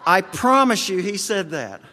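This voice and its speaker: A man's voice: sits high, big pitch swings, a little slow, sharp tone. Folksy rural american guy giving a sermon, earnest, talks right at the crowd, echoey church sound. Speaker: preacher. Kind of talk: conversational sermon.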